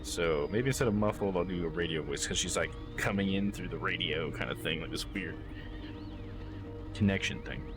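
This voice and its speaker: A man's voice: deep voice, normal speed, over music. A man live-streaming a game, chatting with viewers and reading the game's text aloud.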